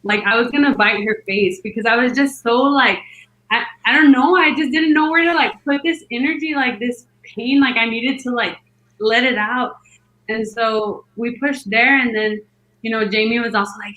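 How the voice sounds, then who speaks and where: A woman's voice: on the high side, steady tone, moderate pace, pushed and bright, roomy sound, low-quality recording. A woman casually telling a long personal story, rambling and filling it with "like" as she acts out what others said. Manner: rambling, many "like" fillers, acts out quotes. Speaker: podcast guest telling her birth story.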